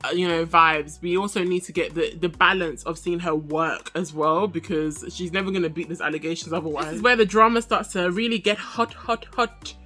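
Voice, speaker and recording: A young woman hosts a casual, chatty review of a reality show, full of sass and quick asides. Her voice is bright and forceful, and faint music plays behind her. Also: lowish voice, steady tone. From Nigerian heritage. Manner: chatty, sassy, laughs often.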